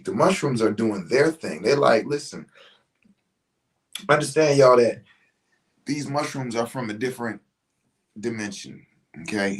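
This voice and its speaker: A man hosting a casual spiritual talk, speaking in an animated, slangy way, swearing and often asking "you know what I'm saying". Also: lowish voice, rough recording. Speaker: podcast host.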